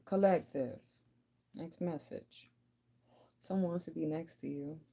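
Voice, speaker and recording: A woman's voice: deep voice, a little slow, creaky, mellow. A woman giving a casual channelled reading to the viewer, chatty and giggly, with loose slangy talk. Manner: spoken to the viewer as "you". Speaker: intuitive card reader.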